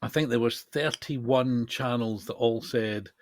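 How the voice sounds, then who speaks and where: A man co-hosting a podcast, teasing and quick to laugh in casual chat. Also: medium pitch, no echo. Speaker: podcast co-host.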